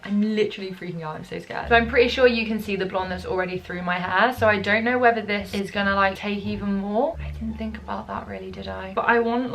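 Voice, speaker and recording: A young woman vlogging casually to camera from home, chatty, excitable and self-mocking. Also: medium pitch, slight background noise. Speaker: beauty vlogger. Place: at home during lockdown.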